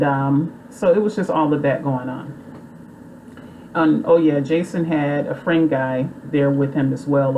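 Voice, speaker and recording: A woman's voice: sits low, dark tone, dull audio, slight background noise. A woman casually recapping a movie plot in a rambling, chatty way full of fillers. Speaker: movie reviewer.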